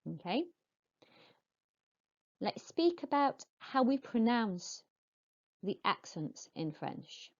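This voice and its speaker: A woman teaching French to young pupils, modelling each word slowly and clearly and explaining in patient, encouraging teacher talk. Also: fairly high pitch, very animated, a little mellow, muffled recording. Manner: slow, clear modelling of words for pupils to repeat. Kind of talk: recorded classroom lesson.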